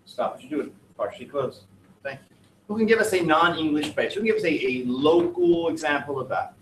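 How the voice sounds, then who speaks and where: A man's voice: a little high, expressive, brisk, a little hiss or hum. A male teacher reading student work aloud to his class and giving feedback, with joking, wry asides. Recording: echoey classroom, distant mic.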